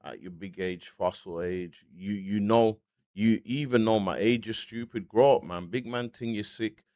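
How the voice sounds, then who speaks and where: A man talks through his commentary in loose street slang, circling back and checking in with "you get me" every few lines. His voice sits fairly low, and the recording is close and dry with no room sound. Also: measured pace, mellow, no room sound. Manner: slangy, keeps asking "you get me", frequent restarts. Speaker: online commentator. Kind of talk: casual commentary vlog.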